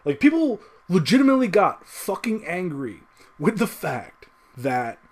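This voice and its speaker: A man in a casual solo rant, frustrated and swearing constantly. His voice sits a little high and swings widely as he pushes his points. The delivery is loose and emphatic, full of restarts and fillers. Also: unhurried. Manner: profane, heated, lively swings in pitch. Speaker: video creator.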